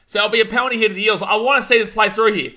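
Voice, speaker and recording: Calling a rugby league match on a live watch-along, this young Australian host reads chat and rants excitedly. His high voice comes rapid-fire, and he shouts when big plays land.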